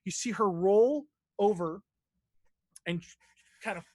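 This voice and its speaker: Man, dungeon master, tabletop game narration, halting and loose, dry close sound. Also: high-pitched, a little mellow, no echo.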